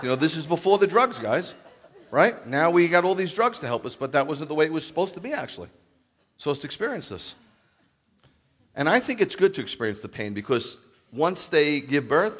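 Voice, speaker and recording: A man in his fifties preaching as a rabbi, telling stories with jokes and acting out the dialogue in an animated sermon. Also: on the high side, brisk. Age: 50s. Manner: animated, jokey, acts out quoted dialogue. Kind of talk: humorous storytelling sermon.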